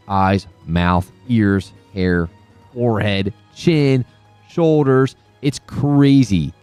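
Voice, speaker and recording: A man's voice: deep voice, a little mellow. A man hosting a horror gaming channel, telling a personal story in a casual vlog with earnest, emphatic insistence that it is true.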